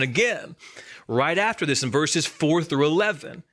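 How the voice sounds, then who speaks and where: A male preacher delivers a sermon in a somewhat high-pitched voice. He keeps it conversational, hammering key lines by saying them twice and slipping in easy jokes. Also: expressive, a little slow, fairly bright tone. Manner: conversational and emphatic, repeats key lines, light humor. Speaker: student ministry coordinator, preaching.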